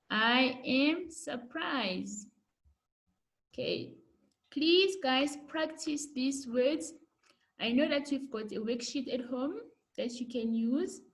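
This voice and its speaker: A woman teacher giving a recorded home lesson, slowly modelling each word for children to repeat. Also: sits high, fairly bright tone. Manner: slow, drawn-out modelling of words for repetition. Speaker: primary school teacher.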